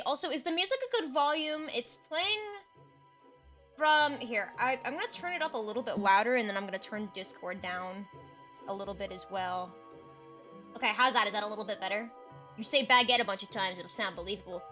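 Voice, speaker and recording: A woman's voice: fairly high pitch, a little fast, bright, forceful tone, faint music behind. A woman streamer chatting casually and reading her detective character sheet aloud, with chatty asides.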